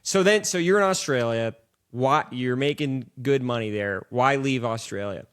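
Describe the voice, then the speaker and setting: A man's voice: medium pitch, normal speed, clear, resonant tone. A man hosting a podcast in casual chat, reacting eagerly and asking follow-up questions. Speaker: podcast host.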